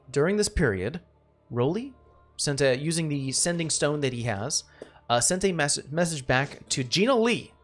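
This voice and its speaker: A man narrating as game master of a tabletop game, halting with many "uh"s. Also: medium pitch.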